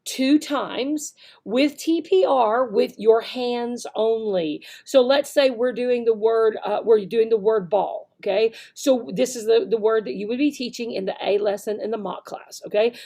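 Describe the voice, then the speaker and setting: A woman's voice: a little high, unhurried, mellow. A woman giving an instructional video lesson for online English teachers, checking in with "okay?" often and demonstrating words in varied voices.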